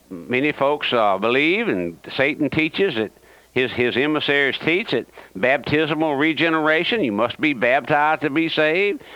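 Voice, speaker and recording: A man's voice: fairly high pitch, no echo. Southern male radio preacher, emphatic and repetitive, dry close mic on a lo-fi broadcast. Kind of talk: radio sermon.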